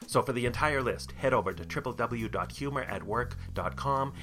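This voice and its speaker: A man's voice: mid-range voice, normal speed. A man hosting his own solo podcast, talking through workplace tips in an upbeat, lightly joking way. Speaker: podcast host.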